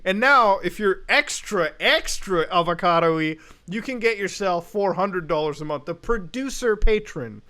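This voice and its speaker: A man doing sarcastic, animated commentary on a video channel, swearing casually. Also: high voice, a little slow, few pauses. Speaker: commentary YouTuber. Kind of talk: reaction commentary.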